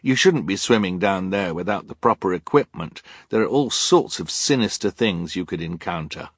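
A man's voice: low voice, animated, moderate pace, breathy edge, dry recording, studio quality, exaggerated voice. Man reading a sensible bookish teen boy. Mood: cautious.

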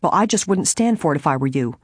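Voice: medium pitch, lively intonation, quick pace, breathy edge, dry recording, clean studio sound. A reader voicing a blunt, indignant older woman housekeeper, in an audiobook.

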